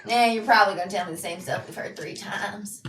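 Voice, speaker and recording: A woman playing a tabletop game, animated, suspicious and quick to protest. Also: medium pitch, slight background noise. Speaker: player. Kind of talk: casual tabletop role-play. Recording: echoey room, distant mic.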